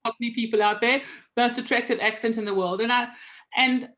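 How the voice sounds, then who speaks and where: Chatty South African woman, slightly high. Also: steady tone, a little fast, fairly bright tone, muffled recording. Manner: chatty, self-deprecating, laughs while telling stories. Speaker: guest, magazine publisher. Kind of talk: casual interview storytelling.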